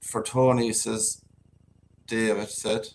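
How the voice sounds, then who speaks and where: Low-voiced man hosting a live chat. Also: level tone, takes it slowly, darkish tone, a little hiss or hum. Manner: chatty, reads out viewer comments. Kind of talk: casual live-stream chat.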